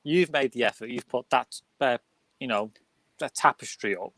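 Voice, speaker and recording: A man's voice: mid-range voice, moderate pace, a bit bright, dry recording. A young man with a Liverpool accent hosting a casual film discussion, full of jokey, teasing banter. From England. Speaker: host.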